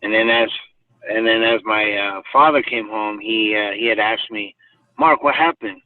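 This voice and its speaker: A man's voice: lowish voice, flat delivery, moderate pace, no echo. Male guest, story with filler words, thin distant phone sound, dry. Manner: rambling, many fillers and restarts. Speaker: podcast guest. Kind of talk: personal storytelling. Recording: tinny phone-like sound from far off.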